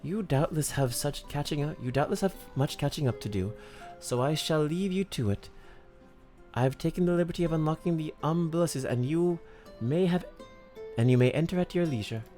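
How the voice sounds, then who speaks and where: A man voicing an earnest, gentle young woman oracle in a soft, plain reading over faint game music. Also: fairly high pitch, normal speed, voice pushed up, lightly acted.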